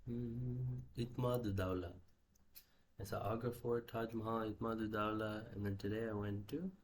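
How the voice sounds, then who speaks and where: A man's voice: on the low side, little pitch movement, measured pace, slight background noise. A young man talking in a rambling, musing video journal, swearing casually and often trailing off mid-thought. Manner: restless, trails off and restarts. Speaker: vlogger.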